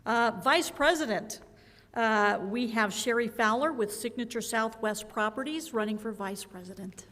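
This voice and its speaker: Woman emcee, higher voice, brief introductions, hall echo and clicking noise. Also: normal speed. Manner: brief, announcing, with fillers.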